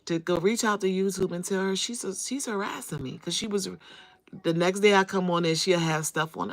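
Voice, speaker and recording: Gravelly-voiced woman chatting on a livestream. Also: medium pitch, fairly quick. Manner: chatty, talks straight to viewers, greets chat by name; repeats phrases for emphasis. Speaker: livestream host. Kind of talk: casual live-stream chat.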